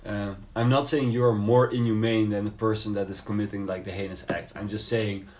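Man, podcast co-host, lowish voice, casual debate, thoughtful, hesitant, lots of ums and restarts. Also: little pitch movement, a little fast, darkish tone.

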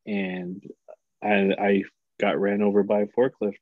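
A man in his thirties, a podcast guest, telling a story in a casual, profane and animated way. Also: fairly low pitch, measured pace, no room sound, phone-quality sound. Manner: animated, profane, acts out quoted voices.

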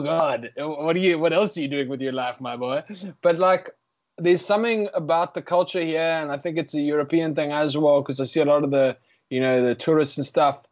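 A man's voice: fairly high pitch, muffled recording. Laid-back young South African man. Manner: laid-back and chatty, slangy. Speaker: guest musician. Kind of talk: casual interview chat.

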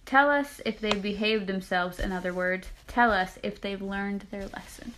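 A woman's voice: medium pitch, normal speed, background noise. A woman casually reading a novel aloud with chatty asides. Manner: chatty, laughing asides between passages.

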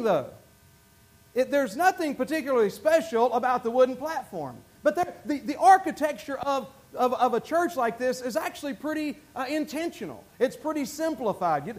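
A man from North Carolina with a Southern accent, preaching a folksy, self-deprecating sermon in a church, with many restarts. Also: very high voice. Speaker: pastor. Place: church sanctuary.

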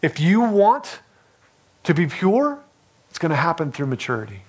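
A man in his thirties preaching a sermon with passion, voicing pleas in a rising, loud voice and repeating his phrases. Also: fairly high pitch, huge pitch swings, normal speed, husky. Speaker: pastor.

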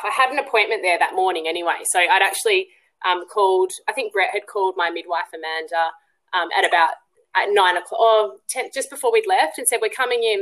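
A woman's voice: on the low side, a bit bright, low-quality recording. A woman guest on a podcast, telling a personal story casually, with many ums and restarts. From Western Australia. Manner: chatty, full of ums and restarts; acts out quoted dialogue in a livelier voice.

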